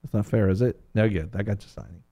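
With fairly low pitch, a quick pace, and some vocal fry, a man preaches a Bible lesson. He's animated and playful, voicing the biblical figures himself.

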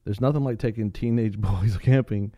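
A man on a talk radio show telling a funny story in a casual, animated way, laughing often and repeating phrases for emphasis. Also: fairly low pitch, normal speed, no room sound, studio quality.

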